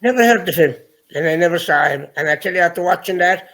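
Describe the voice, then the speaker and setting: A man's voice: high voice, animated, quick pace, fairly bright tone. A man on a talk panel, blunt and dismissive in his opinions. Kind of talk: casual panel chat.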